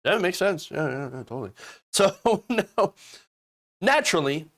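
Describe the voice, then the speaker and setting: A man's voice: high voice, lively intonation, moderate pace, fairly bright tone. A man hosting casual political commentary, sarcastic and mocking. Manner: sarcastic, mocking voices of opponents.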